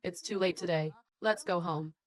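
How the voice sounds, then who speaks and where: A woman's voice: fairly low pitch, moderate pace, lightly acted. A woman voicing a shy, guarded young mother in dubbed drama dialogue, talking in a hesitant, reserved way. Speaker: young mother being courted.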